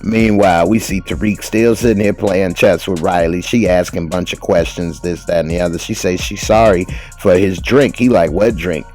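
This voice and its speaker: A man with a very low voice recaps a TV episode in a loose, slangy way. He tells the story with animation and jumps into the characters' lines. Faint music plays in the background. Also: steady tone, moderate pace, few pauses, darkish tone. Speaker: TV recap host.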